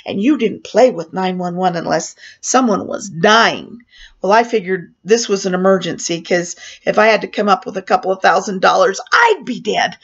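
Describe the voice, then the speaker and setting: An older woman telling a personal story with animated delivery, acting out her own panic in a raised voice. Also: medium pitch. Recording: dull lo-fi sound.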